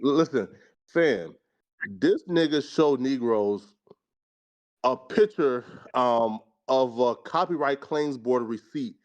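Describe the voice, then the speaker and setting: A man's voice: medium pitch, expressive, slow pace, highs cut off. A man on a podcast panel talking in a casual, rambling way, packing his speech with fillers and slang. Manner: rambling, full of fillers like "right" and "you feel me"; slangy and profane. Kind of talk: casual chat.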